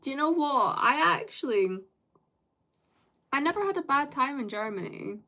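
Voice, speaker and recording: A woman's voice: high-pitched, animated, normal speed, sharp tone. A British woman live-streaming, chatting casually with viewers in a rambling way and laughing often.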